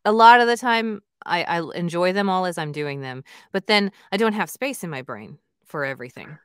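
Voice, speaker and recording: A woman's voice: fairly low pitch, expressive, moderate pace, clean tone, dry recording, studio quality. A woman audiobook narrator and author chatting in an interview, enthusiastic and full of fillers. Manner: chatty and enthusiastic, many "like" and "you know" fillers. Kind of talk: casual interview chat.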